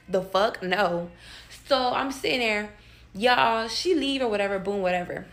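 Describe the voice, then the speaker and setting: Profane, animated storytelling woman. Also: on the high side, moderate pace, vocal fry. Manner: animated, profane, addresses listeners as y'all. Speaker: storyteller in a clip.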